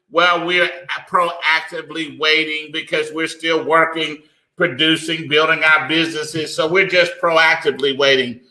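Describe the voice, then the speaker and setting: A man hosting a live online business call, greeting callers by name with energetic hype. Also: sits high, rough recording. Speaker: host of an online business presentation.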